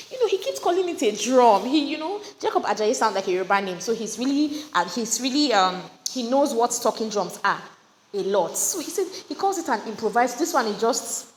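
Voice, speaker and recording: Casting: high-voiced Nigerian woman, lively teacher, reverberant room, faint generator hum behind her. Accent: Nigerian English. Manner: lively, chatty, rhetorical questions to students. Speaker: teacher explaining a poem. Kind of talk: casual recorded lesson. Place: home with generators running nearby. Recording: audio recording, reverberant, faint generator noise.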